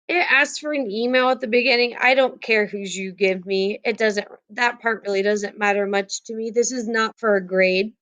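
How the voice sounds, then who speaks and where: A woman's voice: a little high, a bit bright. A young woman teaching a class over a video call, chatty and casual, full of fillers and restarts.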